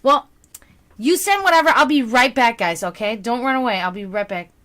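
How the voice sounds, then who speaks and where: High-voiced chatty young woman. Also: animated, brisk, a bit bright. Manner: chatty, laughs often, many restarts. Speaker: livestream psychic reader. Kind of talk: casual chat with stream viewers.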